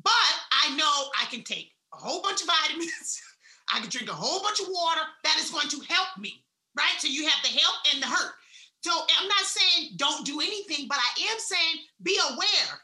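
A woman giving a blunt, salty motivational talk, swinging between loud emphasis and hushed asides. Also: high voice, expressive, moderate pace, echoey room. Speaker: wellness speaker.

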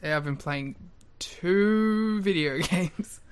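A man's voice: sits high, slow pace, slight background noise. A man co-hosting a podcast in casual chat, laid-back with short, easygoing answers. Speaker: podcast co-host.

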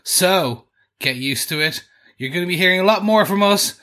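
A man co-hosting a podcast, giving a relaxed, chatty TV episode review. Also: sits high, moderate pace. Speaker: podcast co-host. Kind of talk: casual chat.

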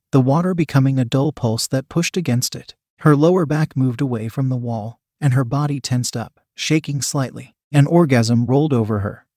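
A man giving a scripted story narration in an even, steady reading voice. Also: medium pitch, no echo, studio quality.

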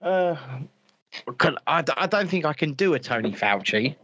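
A man's voice: a little high, lively intonation, normal speed, pushed and bright, muffled recording. A man hosting a casual comedic chat show, profane and mocking, rambling with many restarts. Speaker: show host.

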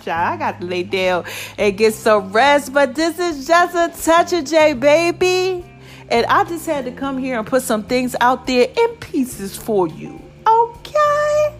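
Woman podcast host, high voice, chatty and preachy, faint music behind. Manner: lively, preachy and chatty, calls listeners "babies" and "child". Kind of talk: casual solo podcast talk.

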